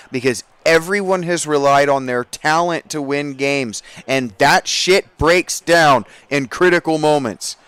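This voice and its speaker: Excitable guy cursing through a football game, slightly high voice, dry close sound, mutters then blows up. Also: no room sound. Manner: profane, excitable, ranting; swings from muttering low to loud outbursts. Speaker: gaming streamer. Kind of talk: casual gameplay commentary.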